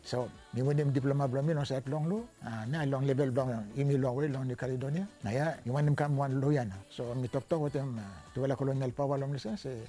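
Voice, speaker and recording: An older man from Vanuatu with a Bislama-speaking ni-Vanuatu accent, slowly recalling his life in an oral history interview and mixing in English and French words. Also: medium pitch, warm tone, soft background music. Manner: slow, searching, mixes Bislama with English and French.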